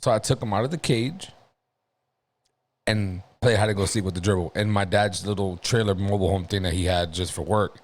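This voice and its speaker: A man on a podcast telling a story in a casual, profane, animated way, laughing through it. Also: fairly low pitch, a little fast. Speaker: podcast co-host.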